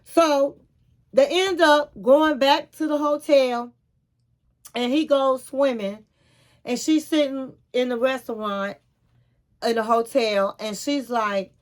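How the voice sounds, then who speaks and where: A woman's voice: sits high, steady tone, slow pace. Chatty woman recapping a reality show. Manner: chatty, retells scenes with quoted dialogue; frank, calls viewers honey and queens. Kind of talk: casual recap and advice.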